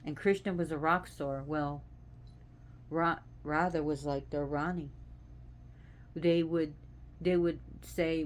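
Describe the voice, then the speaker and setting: A woman hosting a casual devotional talk, speaking in an earnest, animated, conversational way. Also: deep voice, slow pace, long pauses, a little hiss or hum. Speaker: host.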